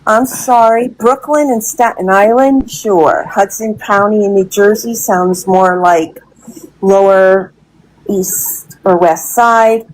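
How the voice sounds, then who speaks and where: A woman from New York City speaking as a panelist in an online discussion, measured and opinionated. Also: mid-range voice, rough recording. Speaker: debate panelist. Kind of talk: casual voice-chat discussion.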